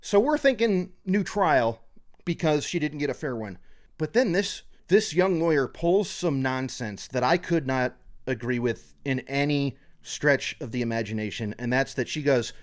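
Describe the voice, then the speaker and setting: Animated man recapping a crime show. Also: medium pitch, moderate pace. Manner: animated, acts out quotes from the case. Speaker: podcast co-host. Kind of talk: casual true crime podcast chat.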